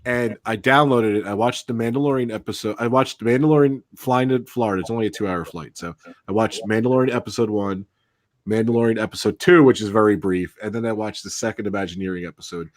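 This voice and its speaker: A man co-hosting a casual live chat show, telling enthusiastic stories in an animated way. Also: fairly low pitch, fast, no echo, studio quality. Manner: excited, animated storyteller. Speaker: podcast co-host.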